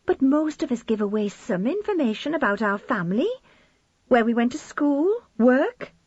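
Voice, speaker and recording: A woman's voice: a little high, very animated, moderate pace, darkish tone, slightly rough, dry recording, pitched above the performer's own voice. Woman voicing a prying, raised-voice mother. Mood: insistent. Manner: prying, insistent questions. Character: inquisitive middle-aged mother, probing. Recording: slightly dull lo-fi recording.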